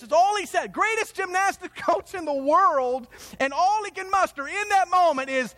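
A man telling a dramatic story to an audience in an animated preaching style, swinging between low, quiet moments and high, excited ones. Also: normal speed. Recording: long hall reverb.

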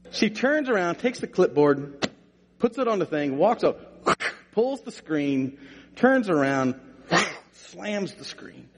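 A man's voice: high voice, sing-song, unhurried, long pauses, husky. A middle-aged male pastor preaching a sermon, telling a funny story in a folksy way before building into emphatic preaching. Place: church sanctuary. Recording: long reverb of a church hall.

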